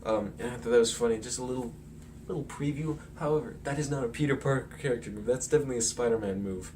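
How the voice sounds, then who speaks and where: Picked up on a distant mic with a trace of noise, this man, a film commentary vlogger, chats loosely through his take on a movie. His voice is medium-pitched and a little mellow, and he talks fast, wandering off track, stuffing in fillers and laughing softly mid-sentence.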